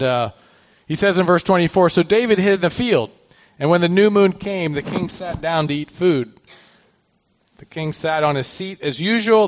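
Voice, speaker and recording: A man teaching through a Bible passage, reading verses aloud and commenting in a conversational way with asides. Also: on the high side. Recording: dull lo-fi recording.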